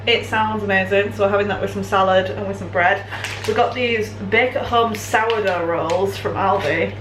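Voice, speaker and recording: A woman's voice: mid-range voice, steady tone, moderate pace, background noise. Chatty English woman vlogging at home. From England. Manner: chatty, self-mocking, giggly asides. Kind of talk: casual vlog chat.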